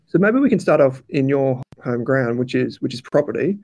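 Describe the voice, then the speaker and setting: A man's voice: mid-range voice, normal speed. An Australian man hosting a podcast, chatting casually and friendly, with frequent fillers. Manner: relaxed, friendly, says "mate" and "um" often. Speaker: podcast host. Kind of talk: casual interview chat.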